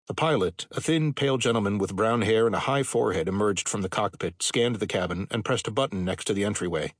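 A man reading a novel aloud as audiobook narrator, in a steady storytelling delivery. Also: lowish voice, brisk, husky, dry recording, clean studio sound. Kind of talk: scripted narration.

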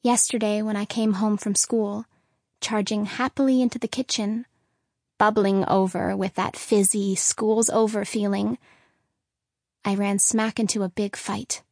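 A woman's voice: medium pitch, no echo. Woman narrating an audiobook, dry sound. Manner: steady, measured storytelling.

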